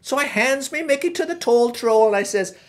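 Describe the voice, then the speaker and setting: A man's voice: extremely high pitch, expressive, fairly quick, pitched above the performer's own voice. A man voicing a cheerful male Irish farmhand who spins folksy, rambling comic yarns in an Irish accent. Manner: folksy, rambling yarn-spinner. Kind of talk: comic storytelling monologue.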